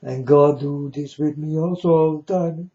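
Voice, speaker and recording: A man's voice: on the high side, fairly even intonation, normal speed, dark tone, highs cut off. A man giving a preachy monologue in broken, non-native English, emphatic and repetitive, often asking if the listener understands. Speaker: speaker addressing viewers.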